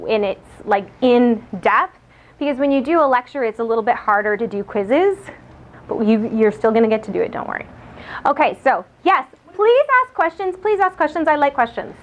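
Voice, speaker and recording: A woman giving a live lecture on diet and exercise, chatty and lively, asking her audience questions. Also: fairly high pitch, moderate pace. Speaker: nutrition speaker. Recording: muffled lo-fi lecture recording.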